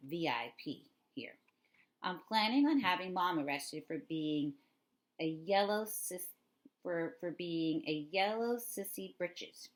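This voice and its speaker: A woman reading a middle-grade novel aloud in an expressive storytelling way. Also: on the low side, rough recording. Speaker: reader.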